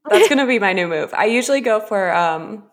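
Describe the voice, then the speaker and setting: Giggly woman guest on a podcast, kinda husky, mid pitch. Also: animated, brisk. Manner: playful, giggly. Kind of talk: casual chat.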